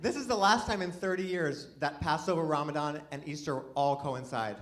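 A man doing a stand-up set, rambling and self-deprecating, swinging from mumbled asides to shouted bursts, with audience laughter behind him. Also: on the high side, normal speed. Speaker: stand-up comedian. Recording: live club mic with audience noise.

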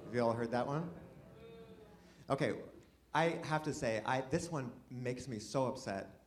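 A man doing a rambling, self-deprecating stand-up comedy set with excited outbursts, before a live audience. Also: medium pitch, measured pace.

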